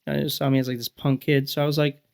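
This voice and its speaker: A man around forty, a podcast guest, telling lively profane stories and acting out what people said. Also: mid-range voice, quick pace, gravelly. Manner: profane, animated storyteller acting out quotes. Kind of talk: casual storytelling chat.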